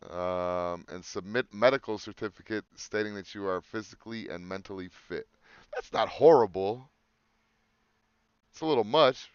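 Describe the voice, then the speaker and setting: A man's voice: fairly low pitch, moderate pace, clear, resonant tone, no echo, muffled recording. A man co-hosting a casual podcast, joking crudely and reading facts aloud off a screen. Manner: crude, joking, swears freely. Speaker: podcast co-host.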